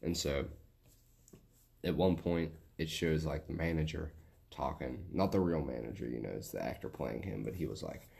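Southern man, very low and gravelly, rambling profane co-host chat. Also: normal speed, a little mellow. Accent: Southern American. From West Virginia. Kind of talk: casual chat.

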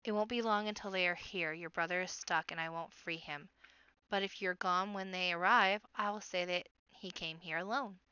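Gaunt haunted lady rabbit read by a woman, quiet shaky broken voice, bright and crisp, bit dull sounding. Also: on the low side, steady tone, moderate pace, dry recording. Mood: hushed, broken. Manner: quiet, shaky, near sobbing.

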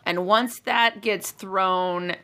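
A woman's voice: medium pitch, steady tone, pushed and bright, clean tone. A woman in casual chat who chimes in with wry, joking remarks. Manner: wry, quick reactions and laughs.

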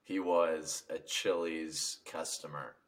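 A man's voice: a bass voice, level tone, takes it slowly, crowd noise. A young man co-hosting a podcast, telling stories in a rambling, casual way and laughing often. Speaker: podcast co-host. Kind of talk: casual chat, storytelling.

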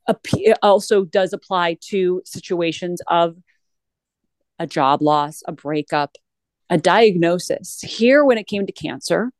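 A woman's voice: lowish voice, dry recording. A woman guest talking earnestly in a conversational interview, with frequent restarts. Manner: earnest, animated, with many restarts.

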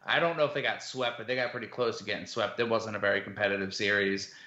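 A man's voice: on the low side, fairly even intonation, fast, pushed and bright. A man co-hosting a casual sports podcast, rambling through his analysis with lots of fillers. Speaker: podcast co-host. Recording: roomy, dull lo-fi sound.

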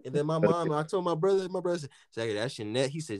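Animated, profane young American man. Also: on the high side, fast talker, no echo, studio quality. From United States. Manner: animated, profane storytelling with frequent laughter. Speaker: storyteller. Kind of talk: casual chat.

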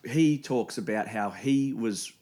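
A man's voice: mid-range voice, slow, darkish tone. A man with an Australian accent co-hosting a casual podcast, telling stories full of slang and swearing. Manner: profane, storytelling, slangy. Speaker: podcast co-host. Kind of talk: casual chat.

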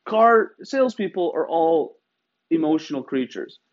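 A man's voice: fairly high pitch, lively intonation, a little slow. A man from Iran telling a story in a wry, emphatic way, often adding rhetorical tags. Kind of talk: casual storytelling. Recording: slightly dull, lo-fi sound.

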